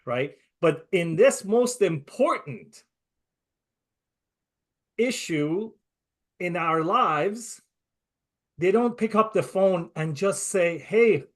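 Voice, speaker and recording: A male interview host who talks in an emphatic, indignant way and speeds up in bursts. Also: a little high. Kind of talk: conversational interview.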